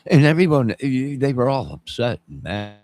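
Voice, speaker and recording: With a mid-range, darkish voice that swings widely in pitch, this channel host in his fifties talks at a normal speed. His live-stream chat wanders and cracks jokes, and he responds to viewers' comments as they come in.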